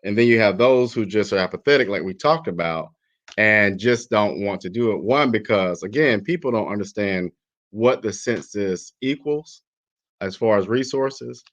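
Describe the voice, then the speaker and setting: Man, deep voice, talk show guest, measured hesitant delivery, dull lo-fi audio. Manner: measured, hesitant, lots of ums. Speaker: guest commentator. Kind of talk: casual talk show discussion. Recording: dull lo-fi line.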